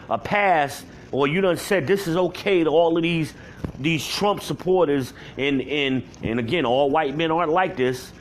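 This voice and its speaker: A man shouts an angry rant into his camera alone at home, profane and heated. His voice sits fairly high, and a faint hiss runs under the recording. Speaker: vlogger.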